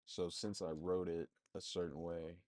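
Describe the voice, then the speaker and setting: A man's voice: sits low, fairly even intonation, unhurried, a little mellow, dry recording, studio quality. A man casually walking through his marketing setup on a screen share, thinking aloud with loose, rambling talk and plenty of fillers. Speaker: marketing agency presenter.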